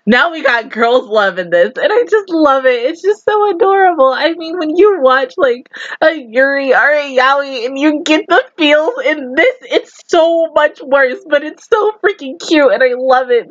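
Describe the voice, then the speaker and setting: A woman's voice: high voice, animated, unhurried, no echo, lo-fi sound. A young woman hosting an anime reaction, gushing and giggling through casual commentary full of "like" and "oh my god".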